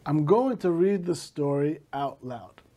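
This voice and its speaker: Male teacher, high voice, mellow tone, slow patient classroom reading. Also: animated. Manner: slow and patient, glossing words in Hebrew. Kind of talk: classroom English lesson reading a story aloud.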